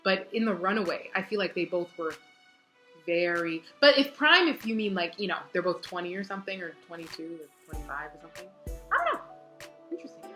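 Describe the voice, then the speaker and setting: A woman's voice: fairly low pitch, fast talker, pushed and bright, soft background music. A young woman talking casually and chattily to viewers on a live stream, with lots of fillers. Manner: chatty, bubbly, full of filler. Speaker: book reader and fan host. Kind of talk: casual chat. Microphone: phone.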